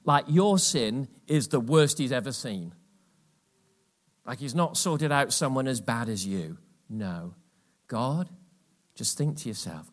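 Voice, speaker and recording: Male preacher, mid-pitched, passionate, drops to near-whispers between bursts; live church sermon. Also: animated, measured pace. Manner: emphatic, swings from loud exhortation to hushed asides. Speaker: pastor.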